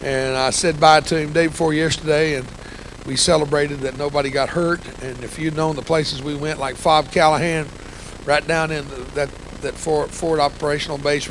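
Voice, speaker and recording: An older man with a drawl tells war stories from the pulpit, his voice sitting a little high for a man. He is folksy and self-deprecating, switching into quoted dialogue, with a faint hiss of noise behind him. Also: little pitch movement, moderate pace, fairly bright tone, low-quality recording. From United States. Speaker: guest speaker, veteran. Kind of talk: storytelling sermon talk.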